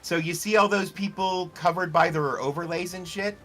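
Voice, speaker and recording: A man's voice: sits high, fairly even intonation, normal speed, a bit bright, faint music behind. A man on a casual voice chat, giving blunt, profane, confident advice about streaming.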